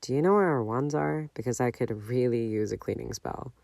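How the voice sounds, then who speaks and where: A man's voice: mid-range voice, fairly quick, creaky, darkish tone, no room sound, clean studio sound, lightly acted. A man voicing an embarrassed young man who stammers apologies through tears. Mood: sheepish.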